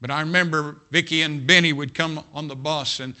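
Casting: male preacher, bright, sharp voice, folksy storytelling sermon. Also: fairly high pitch, steady tone, brisk. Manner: folksy, repeats "you know what", swings from soft to loud.

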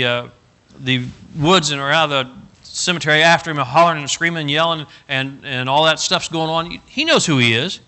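Bright-voiced folksy preacher man. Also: fairly high pitch, brisk. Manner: folksy and animated, building to loud emphatic bursts. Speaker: pastor. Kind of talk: storytelling sermon.

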